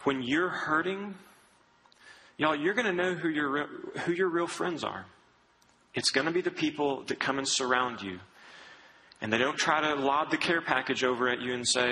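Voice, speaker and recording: A man preaching a sermon in an earnest, conversational way, often dropping to a soft, low tone. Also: a little fast, slight background noise, rough recording.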